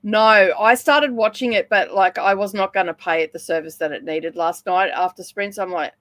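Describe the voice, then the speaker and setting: A Scottish woman hosting a casual livestream chat, talkative and quick to laugh. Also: medium pitch, a bit bright, no echo, clean studio sound. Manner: chatty, laughs often. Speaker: livestream host.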